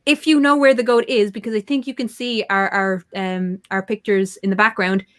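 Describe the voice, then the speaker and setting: A woman's voice: medium pitch, fairly even intonation, normal speed, fairly bright tone. A woman hosting a casual live chat show, bubbly and chatty, laughing often. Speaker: host.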